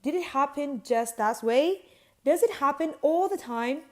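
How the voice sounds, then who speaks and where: A woman reading a news article aloud in an even, uninflected way, quotes read in the same voice. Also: high voice, measured pace. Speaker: news reader.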